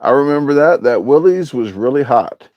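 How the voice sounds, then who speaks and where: A man's voice: mid-range voice, lively intonation, moderate pace, dry recording, lo-fi sound. Rambling man hosting a livestream, dry sound. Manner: rambling, hesitant, with many filler sounds. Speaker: livestream host reading viewer chat. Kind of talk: casual live-stream chat.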